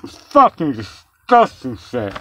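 Swearing man ranting, lively pitch. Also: takes it slowly. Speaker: vlogger reviewing takeaway food. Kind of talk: casual ranting food review.

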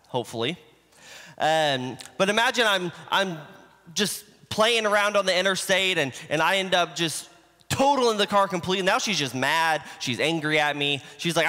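High, lively-voiced man preaching. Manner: conversational teaching with homespun examples. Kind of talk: sermon. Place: church sanctuary. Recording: livestream in a reverberant church hall.

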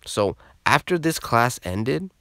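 A young man tells a story in a loose, casual way, swearing freely and getting animated as he goes. His voice sits in an ordinary middle pitch. The sound is close and dry, with no room around it. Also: slow pace, no room sound. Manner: swearing, animated, laughing through the telling.

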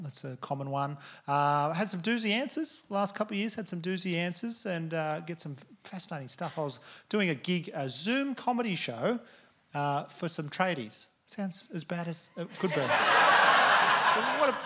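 A man's voice: sits high, fairly bright tone, a little hiss or hum. A man with an Australian accent doing a stand-up comedy set, laid-back and laughing through his lines.

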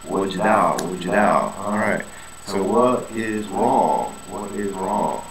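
A low-voiced male English teacher explains his lesson plan in a loose, casual way, breaking off to repeat vowel sounds over and over as a classroom drill. The room is echoey, with a crowd chattering in the background. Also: animated, takes it slowly. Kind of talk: walking through a lesson plan.

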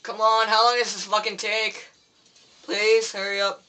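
Bright-voiced teen boy raging at a game. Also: sits high, flat delivery, measured pace. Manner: frustrated, swearing, pleading with the game. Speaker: gameplay video maker. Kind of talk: raging gameplay commentary.

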